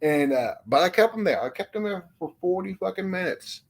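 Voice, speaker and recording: A man's voice: sits high, expressive, fairly quick, gravelly. A man chatting casually, rambling with many fillers and frequent swearing. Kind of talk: casual chat.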